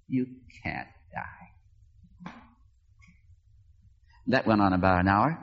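A man's voice: husky, dull audio. A man preaching as a pastor, telling a story dramatically and acting out the voices of the people in it. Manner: dramatic, acts out quoted voices with big pitch swings. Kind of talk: sermon storytelling.

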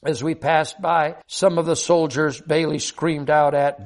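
An older man with a notably high voice tells a heartfelt devotional story in an earnest, sincere way. He reads it at a steady pace with deep feeling. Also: unhurried. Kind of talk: devotional personal story reading.

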